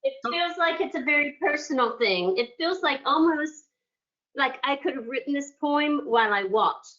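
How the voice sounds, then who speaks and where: Woman class participant, high voice, earnest, personal tone, dull lo-fi call audio. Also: animated, moderate pace, fairly bright tone. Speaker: course participant. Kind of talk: class discussion.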